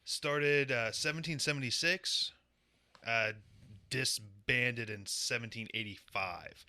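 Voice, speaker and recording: A man's voice: medium pitch, slow, pushed and bright, no echo. A man co-hosting a casual podcast, explaining a topic in a dry way with crude asides. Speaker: podcast co-host presenting a conspiracy segment.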